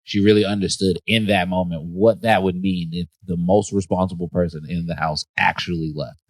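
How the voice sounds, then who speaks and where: A man co-hosting a podcast, talking in casual chat, animated and profane, acting out scenes with big jumps in pitch and frequent laughs. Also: a little fast, dry recording. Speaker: podcast co-host. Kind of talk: casual movie-review chat.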